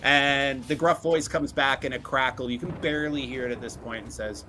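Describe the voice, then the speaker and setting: A man's voice: mid-range voice, steady tone, fairly quick, hardly any pauses, pushed and bright, a little hiss or hum. A man who is game master, narrating a tabletop game in a loose, casual way full of fillers.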